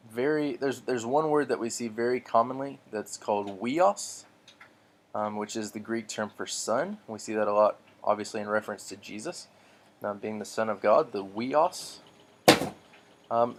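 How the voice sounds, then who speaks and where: A man teaching a relaxed lesson on Greek pronunciation, patient and slow, with frequent ums and restarts. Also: mid-range voice, a little hiss or hum.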